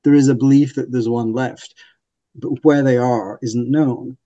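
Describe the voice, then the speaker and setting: Enthusiastic man with a dark, mellow voice. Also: medium pitch, fairly even intonation, measured pace, no echo, lo-fi sound. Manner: enthusiastic, laughs often. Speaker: podcast host and book reviewer. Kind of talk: casual book discussion.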